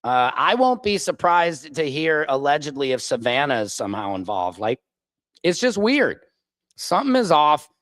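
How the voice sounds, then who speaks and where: A man's voice: a little high, sing-song, moderate pace, a bit bright, no room sound. A man, a stand-up comedian hosting his own show, chatting casually on a livestream and drifting off-topic with jokey asides. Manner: rambling, digressive, jokey asides.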